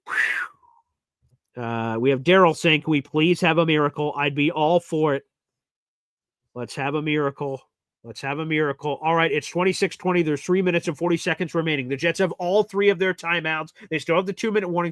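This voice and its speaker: A man hosts a live sports watch-party stream, calling the plays himself like a devoted fan. His voice sits a little high, and he moves from anxious muttering to loud cheering. The sound is dry and close, with no room around it. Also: dry recording. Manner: emotional, swings from nervous muttering to loud cheering. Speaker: live stream host giving play-by-play.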